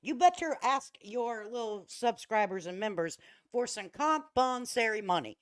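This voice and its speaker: A sassy woman streamer talks over a clip, mocking and scolding by turns. Her voice sits mid-range, and it is recorded close with a dry, dead sound. She mutters low asides, then rises into loud, drawn-out put-downs. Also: no echo. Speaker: commentary streamer reacting to a clip. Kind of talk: casual live-stream commentary.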